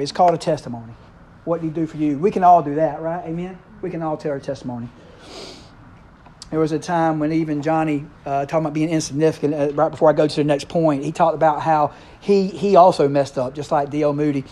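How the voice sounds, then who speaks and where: A man's voice: a little high, warm tone. A middle-aged man preaching a sermon in a conversational way, often checking in with the congregation.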